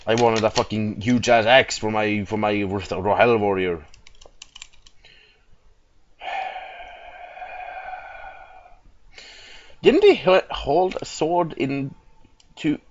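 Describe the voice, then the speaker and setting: A man's voice: fairly low pitch, very slow, pauses often, dull audio, slight background noise. A young man giving game commentary, swearing a lot and getting frustrated easily. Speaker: gamer.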